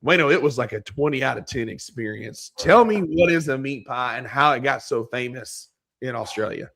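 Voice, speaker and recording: An American man hosting a sports podcast in a relaxed, chuckling way, his voice scratchy and hoarse because he is losing it. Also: medium pitch, normal speed. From United States. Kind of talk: casual sports podcast chat.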